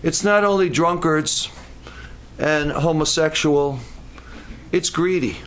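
A man's voice: on the high side, slow pace, fairly bright tone. A man preaching a sermon, retelling a story with jokey asides and stumbling restarts.

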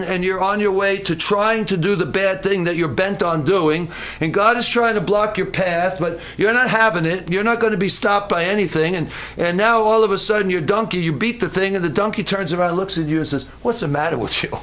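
A high-voiced man preaching, animated as he retells a scripture story. He breaks off for jokey asides and often stumbles into restarts. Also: brisk, few pauses. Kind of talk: sermon.

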